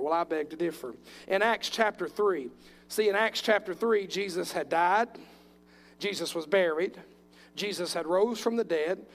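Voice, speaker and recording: A man preaching a sermon with passion, acting out voices from scripture as he tells the stories. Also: high voice. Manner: impassioned, acts out bible voices.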